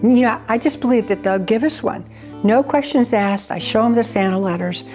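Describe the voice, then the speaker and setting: A woman's voice: a little high, normal speed, darkish tone, faint music behind. An older woman, a charity founder, telling her story in an earnest, rambling way with frequent restarts. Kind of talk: personal storytelling interview.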